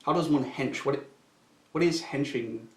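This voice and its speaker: A man's voice: on the high side, unhurried, natural voice. A man playing an eager, nervous young henchman who rambles and gets flustered. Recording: echoey room.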